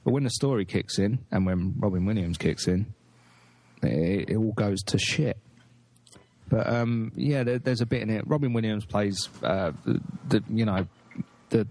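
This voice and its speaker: A male podcast host rambles bluntly through a film rant, swearing freely. His voice sits a little low for a man, in loose, casual talk. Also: darkish tone. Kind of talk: casual chat.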